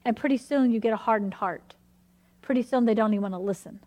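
A woman preaching a sermon, telling a personal story with animated, emphatic delivery. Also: a little high, quick pace.

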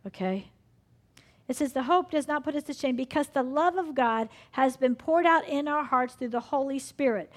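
A woman preaching a sermon with fervor, acting out prayers and inner dialogue as she goes. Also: sits high.

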